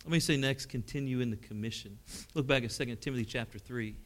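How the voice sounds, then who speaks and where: A middle-aged man preaching a sermon, telling personal stories and swinging from loud exclamations to hushed, emotional tones. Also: mid-range voice, fast talker.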